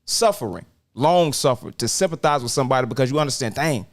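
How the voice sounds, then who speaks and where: A man's voice: medium pitch, animated, fast talker. A man co-hosting a casual discussion, speaking with passionate, preacher-like emphasis. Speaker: podcast co-host.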